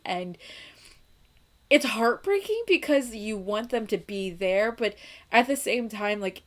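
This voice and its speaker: Young woman, music reaction host, emotional, laughs a lot, casual swearing, fairly high voice. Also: expressive, a little slow.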